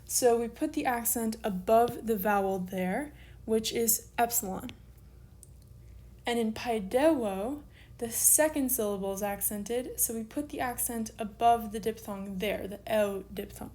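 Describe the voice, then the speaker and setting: A woman's voice: fairly high pitch, a little slow, mellow. A woman recording an online lesson, patiently spelling out letters one at a time as she explains. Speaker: teacher.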